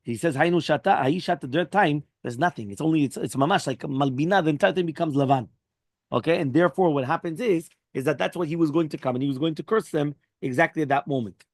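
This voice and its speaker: A man's voice: quick pace, a little mellow, no room sound. A man teaching a daily Talmud class, mixing Hebrew and Aramaic phrases into his English explanation and acting out the dialogue. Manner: acts out dialogue with raised pitch. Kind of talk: Daf Yomi Talmud class.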